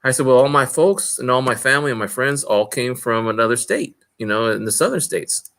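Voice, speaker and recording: A man from California in a casual chat, telling stories about his life in a slow, deliberate way. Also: medium pitch, animated, fairly bright tone.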